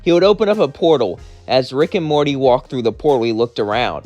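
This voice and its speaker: A man's voice: medium pitch, brisk, a little mellow, soft background music. A man narrating an improvised fan story, rambling and correcting himself.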